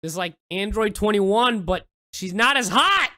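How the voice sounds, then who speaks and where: A man's voice: high voice, lively intonation, unhurried. A man hosting a reaction video in casual commentary, exasperated and swearing, with sarcastic asides.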